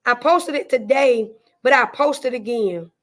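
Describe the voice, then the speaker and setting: A woman's voice: fairly high pitch, unhurried. A woman with a Southern drawl hosting a casual live stream, chatting folksily with viewers, repeating herself and greeting them by name.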